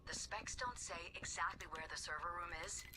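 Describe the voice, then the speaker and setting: A woman voicing a calm female heist hacker speaking over comms in a video game, heard faintly through game audio. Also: lowish voice, fairly quick, husky, exaggerated voice. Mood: businesslike.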